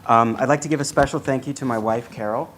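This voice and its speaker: Man, forties, father thanking guests, hesitant, lots of fillers, mid-pitched. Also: steady tone, fast talker, a bit bright, a little hiss or hum, low-quality recording. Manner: hesitant, many ums and uhs. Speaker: father giving a bar mitzvah speech. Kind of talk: casual speech to guests.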